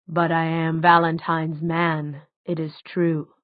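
A woman voicing a quiet, scheming older male tutor who speaks slowly and evenly. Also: low voice, level tone, no echo, voice pushed down. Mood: cold, quiet. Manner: quiet, slow, measured. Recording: tinny phone-like dry sound.

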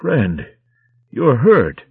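A man's voice: mid-range voice, wildly swooping pitch, very slow, breathy edge, no echo, narrow, tinny audio, pitched above the performer's own voice, exaggerated voice. A man voicing a timid, frail old male mouse abbot, in a storybook reading. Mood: anxious. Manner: fearful, frail.

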